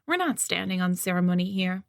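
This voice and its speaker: A woman voicing a blunt, gruff survivor boss. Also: fairly low pitch, animated, brisk, dry recording, studio quality. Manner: blunt, dismissive. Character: gruff middle-aged male survivor leader.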